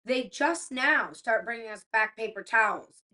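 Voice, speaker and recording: A middle-aged woman co-hosting a podcast, telling stories in casual chat, animated and swearing freely as she acts out quotes. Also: fairly high pitch, a little slow. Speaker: podcast co-host.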